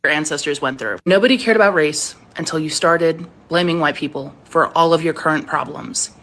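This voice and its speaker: Heated woman ranting, bright and forceful. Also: deep voice, a little fast. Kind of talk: angry rant.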